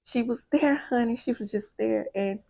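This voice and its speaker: A woman's voice: fairly high pitch, normal speed, vocal fry, mellow, voice pushed up. A woman voicing a grown man caught cheating, pleading and repeating himself.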